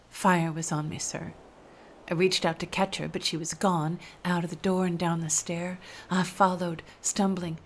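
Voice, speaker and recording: A woman's voice: lowish voice, level tone, normal speed, slight background noise. A woman telling a first-person story aloud, emotional, dropping to whispers at tense moments.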